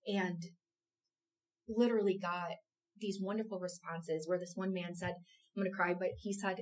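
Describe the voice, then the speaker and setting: Animated woman storyteller, slightly low voice. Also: normal speed, recorded from a distance, low-quality recording. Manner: animated, emotional storyteller who acts out quotes. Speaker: theater company producer. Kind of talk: casual interview chat.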